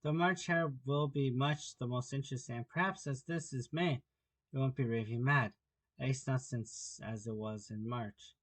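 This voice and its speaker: A man reading aloud who voices a curious, polite young girl in a raised, girlish pitch. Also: normal speed, close to an everyday voice. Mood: musing.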